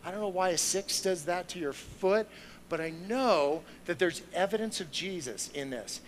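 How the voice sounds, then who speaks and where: A man giving a sermon through personal stories, moving from hushed storytelling to loud, excited preaching before a congregation. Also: sits high, moderate pace, slight background noise, low-quality recording. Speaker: lay speaker. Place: church sanctuary with a congregation.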